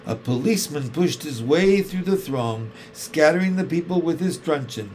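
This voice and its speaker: A man reading a children's storybook aloud in a calm, measured way. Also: a little high, a little hiss or hum. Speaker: narrator.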